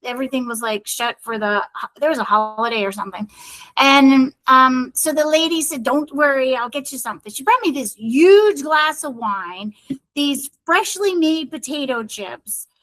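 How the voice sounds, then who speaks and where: A woman's voice: sits high, normal speed, fairly bright tone, low-quality recording. A middle-aged woman co-hosting a podcast, rambling cheerfully through a personal story in casual chat. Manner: chatty, rambling storyteller, often addresses her brother. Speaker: podcast co-host.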